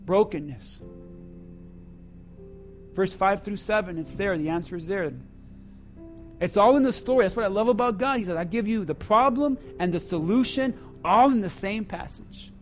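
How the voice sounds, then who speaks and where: A man preaching a sermon to his church, swinging between loud emphasis and hushed asides. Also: sits high, moderate pace, long pauses, faint music behind. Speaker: pastor.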